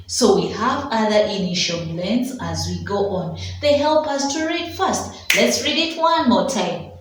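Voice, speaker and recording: A woman preschool teacher with a Ugandan accent gives a phonics lesson for young children. She talks slowly and deliberately, sounding out each letter sound. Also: fairly high pitch, very animated. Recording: echoey room from a distance, faint noise.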